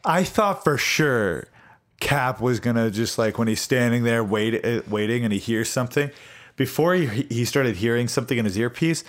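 A man chatting easily with friends about a film, his voice sitting a bit lower than theirs. He speaks in a relaxed way with halting restarts as he recalls his favorite lines. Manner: laid-back fan, hesitant, trailing restarts. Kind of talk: casual movie discussion.

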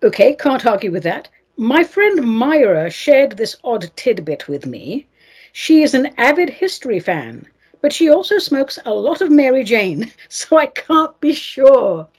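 A radio host from England, her voice higher than most and slightly husky. She reads listener letters in a playful, theatrical way, her pitch swooping widely from line to line. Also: sing-song, measured pace, darkish tone.

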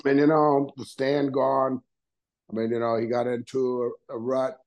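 An older man talks as a podcast guest, spinning casual stories and slipping into the voices of the people he quotes. He laughs often and keeps a steady, mid-range pitch. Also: unhurried, rough recording. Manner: animated storyteller acting out quoted dialogue, laughing often. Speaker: guest, retired wrestler. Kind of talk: casual storytelling interview.

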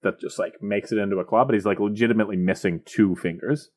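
Low-voiced rambling man. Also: fairly even intonation, quick pace, darkish tone. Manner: rambling storyteller, jokey asides. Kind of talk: casual comedic podcast chat.

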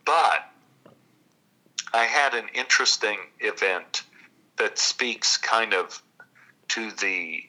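A man from Texas tells stories as an interview guest, slow and reflective with long pauses. His voice is strikingly bright and sharp. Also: on the low side, animated, poor audio. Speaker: guest actor and storyteller.

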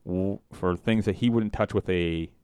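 A man with a very low, smooth, resonant voice chats casually and acts out scenes as he retells them. The sound is dry and close to the mic. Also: normal speed, no echo. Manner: animated storyteller, acts out scenes. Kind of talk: casual chat.

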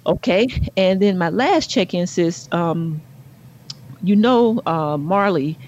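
Co-host: middle-aged woman, animated storyteller, muffled lo-fi sound. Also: slow, a crowd in the background. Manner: animated storyteller, rises to high exclaims. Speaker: podcast co-host. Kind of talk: casual chat.

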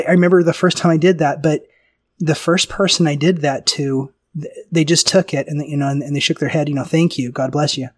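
A man hosting a casual talk, telling a personal story in an animated way, often restarting his sentences. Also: a little high, dry recording, clean studio sound. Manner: animated, self-interrupting storyteller with frequent restarts and laughs. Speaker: podcast host.

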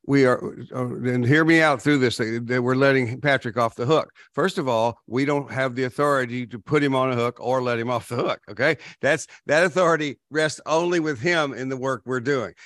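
A man's voice: medium pitch, fairly bright tone, no echo. A male guest speaks thoughtfully about recovery, often stopping and restarting his sentences. His voice sounds dry and close, with almost no room around it. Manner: reflective, halting, many restarts. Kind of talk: conversational talk on recovery.

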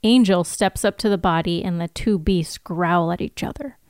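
A woman's voice: fairly low pitch, moderate pace, darkish tone, smooth, no room sound, clean studio sound. A woman co-hosting a podcast, reading a scene recap in casual chat and laughing often. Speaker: podcast co-host recapping episodes.

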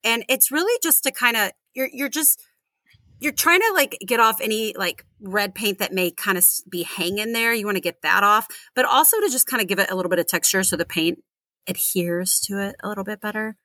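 Bright-voiced Texan woman co-host. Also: mid-range voice, brisk, no echo, studio quality. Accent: Texas. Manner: chatty, laughing, loses her train of thought. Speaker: podcast co-host. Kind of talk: casual podcast chat.

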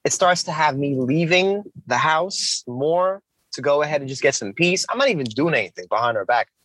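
A man co-hosting a casual podcast, talking in halting, rambling bursts with a lot of repeated words. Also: on the high side, expressive, a bit bright, poor audio. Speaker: podcast co-host.

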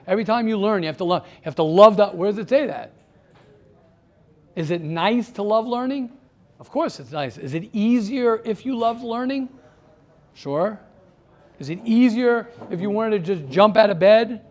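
A man's voice: sits high, expressive, moderate pace. A man teaching a class, firing off rhetorical questions and repeating himself, growing heated as he presses his point. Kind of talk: classroom talk with students.

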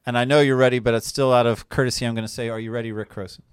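A man's voice: mid-range voice, little pitch movement, very fast, clear, resonant tone, no echo, clean studio sound. A man hosting a fishing podcast, talking casually and joking with his co-host before bringing in a guest.

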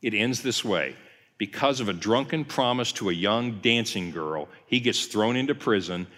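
A man's voice: on the low side, lively intonation, moderate pace, a bit bright. A man preaching a conversational teaching sermon as a pastor, telling the story and acting out quoted lines. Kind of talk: teaching sermon, Bible study session. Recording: long hall reverb.

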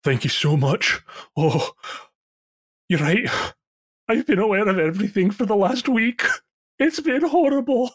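Man playing a dwarf fresh from the ice, shaken, thankful, pitch climbing. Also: animated, unhurried, pauses often, slightly rough, exaggerated voice. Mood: shaken, grateful. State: shivering and shaken. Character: frightened, grateful male dwarf just thawed from ice.

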